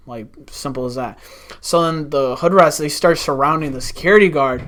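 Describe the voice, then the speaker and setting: Animated young man. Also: on the high side, a little fast. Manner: animated, swears a lot, acts out quotes. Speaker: podcast guest. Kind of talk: casual storytelling.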